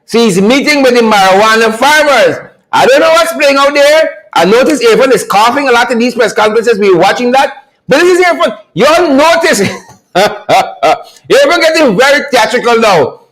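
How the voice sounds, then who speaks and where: A man hosts a political commentary livestream, his voice pitched very high and swinging widely up and down. He talks in a mocking, animated way and keeps repeating phrases for effect. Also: moderate pace, low-quality recording. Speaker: livestream host.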